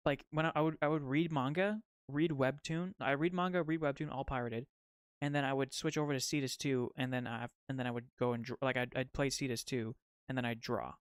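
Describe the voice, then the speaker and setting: A man's voice: medium pitch, moderate pace, clear, resonant tone, dry recording, studio quality. Rambling young man chatting on stream. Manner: rambling and excitable, full of "like" fillers and restarts. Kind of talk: casual live-stream chat while drawing. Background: faint music.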